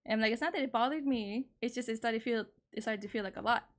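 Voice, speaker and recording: A woman in her twenties streaming from home, telling a personal story in casual chat, candid and exasperated, swearing freely and jumping up in pitch when indignant. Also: fast.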